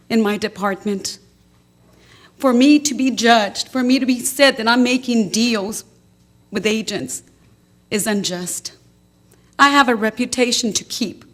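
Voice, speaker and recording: A woman with a slightly high voice addresses a school board. She is emotional but earnest and firm as she defends her department's work. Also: fairly bright tone. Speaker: school district risk manager. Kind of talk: public statement at a board meeting.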